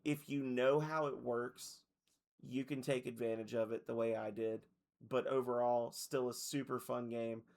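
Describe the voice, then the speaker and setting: A man's voice: mid-range voice, fairly even intonation, unhurried, vocal fry, a little mellow. A man streaming video games, chatting casually to his viewers and rambling with lots of "like" as he loses his voice. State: losing his voice. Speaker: game streamer.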